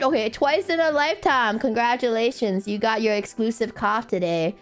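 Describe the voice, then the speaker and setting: A woman streaming casual chat, animated and giggly, laughing often and swearing casually. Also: fairly high pitch, normal speed, few pauses, soft background music.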